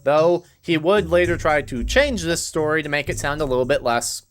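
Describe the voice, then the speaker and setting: A man's voice: on the high side, normal speed, soft background music. A man reading scripted video narration, breaking in with sarcastic, mocking asides.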